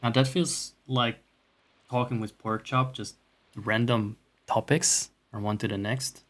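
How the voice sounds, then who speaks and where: A man's voice: medium pitch, steady tone, a little slow. Male streamer, casual live gaming commentary, crude self-mocking humor. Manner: profane, joking, self-mocking.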